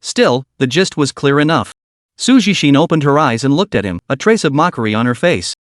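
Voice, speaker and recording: A man's voice: medium pitch, sing-song, a little fast, dry recording, studio quality. A man narrating a story recap in a scripted, dramatic storytelling manner.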